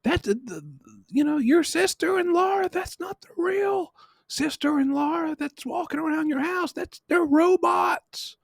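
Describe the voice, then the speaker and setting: A man voicing teenage girls who fake panic, shouting frantic pleas for help in a shrill voice. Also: measured pace, creaky, no echo, exaggerated voice. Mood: urgent.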